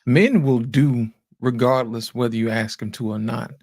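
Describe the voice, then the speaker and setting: A man hosts a casual panel talk in a gravelly, fry-laden voice. He sounds animated and keeps turning to his guests. His sound is close and dry. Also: medium pitch, normal speed, no echo. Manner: animated, calls on guests, frequent "you know what I'm saying". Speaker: host of a discussion panel.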